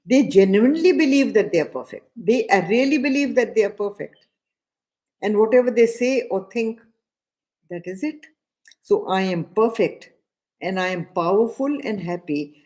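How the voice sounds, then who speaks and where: Mellow and expressive at medium pitch, this middle-aged woman with an Indian English accent teaches scripture in a spiritual talk, measured in delivery, returning to key phrases and now and then slowly chanting verses.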